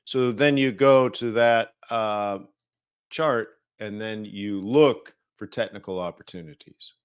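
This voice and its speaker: A man's voice: on the low side, slow, smooth, no echo. Casual rambling man, dry sound. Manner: casual, rambling, many fillers and restarts. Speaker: host of a live market-analysis stream. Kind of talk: live-stream market commentary.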